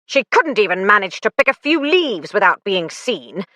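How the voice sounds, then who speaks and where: A woman's voice: mid-range voice, very animated, moderate pace, bright, forceful tone, dry recording. A woman narrator voicing a cornered aristocratic male officer who talks urgently and blusters.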